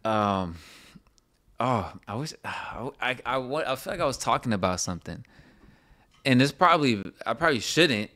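A man's voice: medium pitch, animated, moderate pace, pushed and bright. A man co-hosting a podcast in casual, rambling chat, laughing often as he talks. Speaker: podcast co-host.

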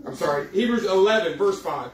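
A man preaching a youth sermon, folksy and joking, slowing down for dramatic emphasis. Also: high-pitched, animated, recorded from a distance. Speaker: youth pastor. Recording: echoey room, speaker away from mic.

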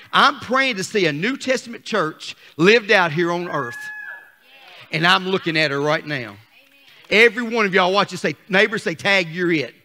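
An older man preaching a fervent sermon as pastor, calling on the congregation and rising to shouts. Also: high-pitched.

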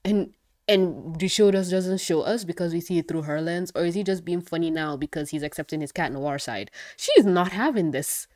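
A woman giving an excitable, casual review of a cartoon episode, swearing freely. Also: on the low side, normal speed. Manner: excitable, swearing, laughing often. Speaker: show reviewer.

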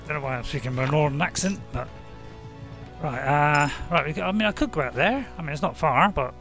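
A man narrates his game in a loose, jokey way, chatting to himself and cheering on his little units. His voice sits a bit high and bounces up and down a lot. Game music plays clearly behind him. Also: lively intonation, unhurried, pauses often, fairly bright tone. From Britain. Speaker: gaming video host. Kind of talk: casual game commentary.

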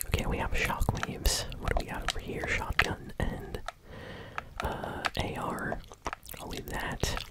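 Soft whispering gum-chewing gameplay host. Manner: chewing bubblegum while talking; relaxed, unhurried, with small hesitations. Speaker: gaming channel host. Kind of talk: whispered ASMR gameplay commentary.

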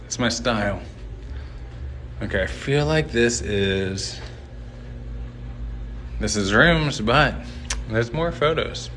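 A man livestreams as he wanders through the inside of a large hotel, talking to viewers in a loose, rambling, jokey way. His voice is bright and forward, picked up by a handheld phone as he walks, with a faint hum of background noise. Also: medium pitch, lively intonation, takes it slowly, pauses often. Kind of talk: live-stream walking commentary.

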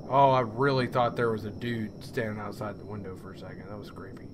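A man's voice: lowish voice, level tone, a little fast, few pauses, background noise. A man commenting on his gameplay in a joking, reactive way. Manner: jokey, reacting aloud. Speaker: gaming YouTuber. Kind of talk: game commentary.

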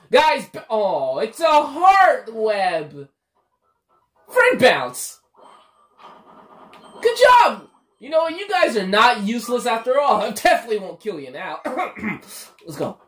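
Excitable swearing woman gamer, lively pitch. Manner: excitable, swearing, talking to viewers. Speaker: let's play gamer. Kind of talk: casual gameplay commentary. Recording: roomy echo, faint game music. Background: faint game music.

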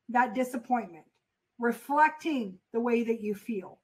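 High-voiced woman coaching sales, emphatic. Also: a bit bright. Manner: direct, repetitive, emphatic. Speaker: freight broker sales coach. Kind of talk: motivational sales lesson.

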